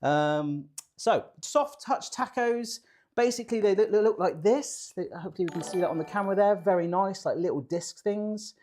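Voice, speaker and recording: A man's voice: high-pitched, moderate pace, a little mellow, a little hiss or hum. A British man hosting a live cooking stream from a kitchen, chatty and jokey, poking fun at himself while he reads out viewer comments. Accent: British English. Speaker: cooking show host.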